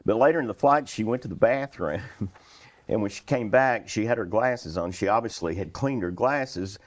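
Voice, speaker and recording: A man's voice: on the low side, moderate pace. A man in his sixties with a Western Kentucky accent, telling folksy stories as an interview guest and chuckling through them. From Western Kentucky, USA. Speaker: interview guest, retired flight attendant. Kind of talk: anecdotal storytelling.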